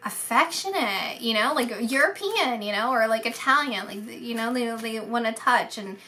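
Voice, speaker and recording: A woman's voice: on the high side, normal speed, sharp tone, a little hiss or hum. A woman psychic medium giving a casual spoken reading, rambling and hesitant with many fillers.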